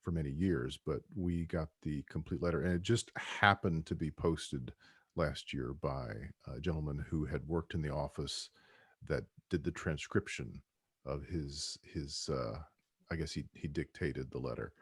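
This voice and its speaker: A man's voice: a bass voice, unhurried, slightly rough, no echo, studio quality. A man who co-wrote a book, talking about it casually on a podcast with many restarts. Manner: rambling, with many restarts and "you know". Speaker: book co-author and guest.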